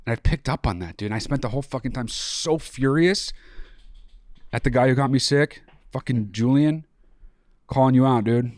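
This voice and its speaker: A man's voice: medium pitch, normal speed, pauses often, darkish tone, no room sound, studio quality. Slightly nasal, joking male podcast host. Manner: profane, jokey, exaggerated mock outrage. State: slightly nasal after illness. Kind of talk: casual podcast chat.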